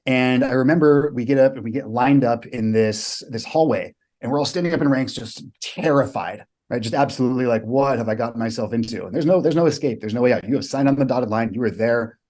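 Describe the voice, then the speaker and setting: A man's voice: medium pitch, fairly quick, hardly any pauses, darkish tone. A man, a guest on a podcast, telling stories vividly and emphatically, with blunt swearing. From United States. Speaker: guest, coach to clients. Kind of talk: storytelling in a podcast interview.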